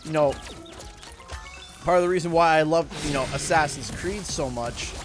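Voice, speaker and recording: A man's voice: on the high side, music in the background. Rambling man hosting a gaming livestream. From Canada. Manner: rambling, halting, many fillers and restarts; gets loud and excited over donations. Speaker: livestream host.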